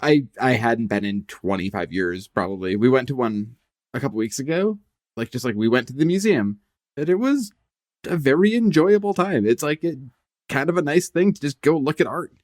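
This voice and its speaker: A man's voice: medium pitch, expressive, normal speed. A man with an ordinary mid-range voice, chatting casually on a podcast. He muses aloud, tossing in wry asides and little acted-out reactions. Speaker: podcast co-host. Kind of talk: casual chat.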